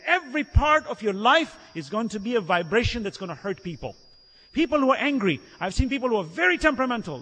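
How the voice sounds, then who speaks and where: A man preaching in a lively storytelling way, acting out the people in his stories and laughing along as he goes. His voice is high for a man and husky. It rings out with the long reverb of a large hall. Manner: animated storyteller acting out quotes, laughing often. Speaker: Islamic preacher. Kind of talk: sermon with storytelling.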